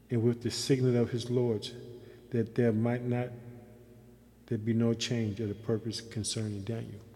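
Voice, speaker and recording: A man's voice: on the low side, mellow. A man giving an informal sermon, reading scripture aloud and then commenting on it in loose, folksy asides, with fervent emphasis. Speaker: Bible teacher. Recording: echoey room with long reverb.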